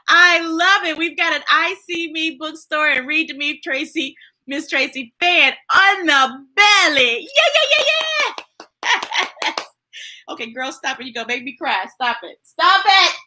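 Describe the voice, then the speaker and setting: Storytime lady, high sparkly voice, slow and playful, chatty with the kids. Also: slight background noise, low-quality recording. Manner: animated and playful, talks to children and reads chat messages; laughs easily and gets emotional. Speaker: children's storytime host. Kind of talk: live read-aloud storytime chat.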